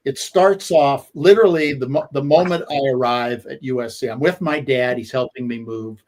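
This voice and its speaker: A man's voice: medium pitch, darkish tone, slight background noise. Older guy rambling through an old story, lots of uhs and ums. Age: 60s. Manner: reminiscing, halting with fillers. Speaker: radio co-host. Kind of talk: conversational storytelling.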